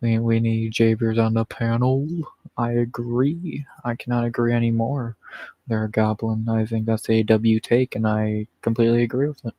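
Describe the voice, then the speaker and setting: A man's voice: medium pitch, little pitch movement, normal speed, no echo, lo-fi sound. A man hosting a livestream in casual, profane, rambling chat, chuckling often. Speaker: livestream host.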